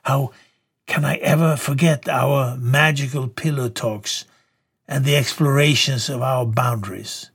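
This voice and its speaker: A man reading a deep, wounded male voice. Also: steady tone, a little slow, fairly bright tone, slightly rough. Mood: aggrieved pleading. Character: man Simon speaking through a woman, deep and aggrieved.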